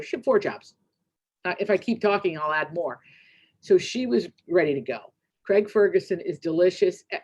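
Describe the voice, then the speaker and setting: A middle-aged woman giving a keynote speech, telling a story in a chatty, rambling, animated way with quick asides. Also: fairly low pitch, lo-fi sound. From United States. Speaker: keynote speaker.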